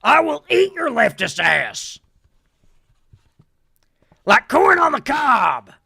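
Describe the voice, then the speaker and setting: A man doing an impression of a paranoid male talk-radio conspiracy host, ranting in an impassioned, shouty way. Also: extremely high pitch, wildly swooping pitch, slow, no room sound, voice pushed up, exaggerated voice. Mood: shouting. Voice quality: gravelly. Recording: dry close room.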